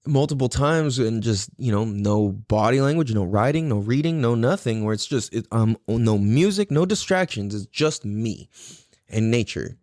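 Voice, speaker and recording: A man's voice: mid-range voice, expressive, moderate pace, darkish tone, dry recording, studio quality. A man hosting a solo podcast, rambling casually, swearing and often laughing. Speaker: podcast host.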